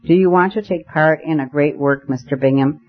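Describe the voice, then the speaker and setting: A man voicing a stern, excitable gentleman who speaks in a grave, declamatory way, on a muffled recording. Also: fairly high pitch, fairly quick.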